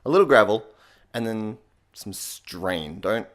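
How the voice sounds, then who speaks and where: A young man hosting a comedic voice tutorial, sarcastic and deadpan, swearing casually. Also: on the low side, a little slow. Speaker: comedy YouTuber.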